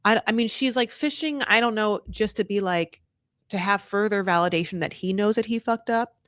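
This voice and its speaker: A man's voice: high voice, moderate pace, a bit bright, no room sound, clean studio sound. A man hosting a casual reality TV recap. He talks in a sassy, blunt way, swears freely and acts out other people's lines in a raised voice. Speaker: TV recap host.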